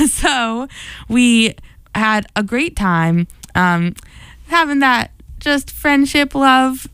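Bubbly young woman radio host, smooth voice. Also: a little high, fairly bright tone, no room sound. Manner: bubbly, chatty, rambling. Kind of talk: casual radio chat between songs.

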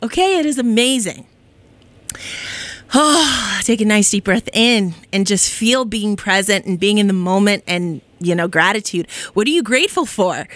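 A woman's voice: medium pitch, lively intonation, moderate pace, fairly bright tone, no echo. A woman radio DJ chatting on air in a bubbly, rambling, effusive way. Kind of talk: casual radio chat.

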